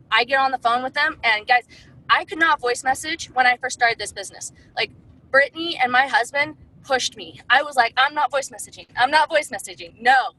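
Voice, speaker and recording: Bright, chatty woman full of fillers. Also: sits high, low-quality recording. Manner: chatty, heavy use of "like" and "um". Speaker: direct sales distributor. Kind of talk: casual sales-tips talk.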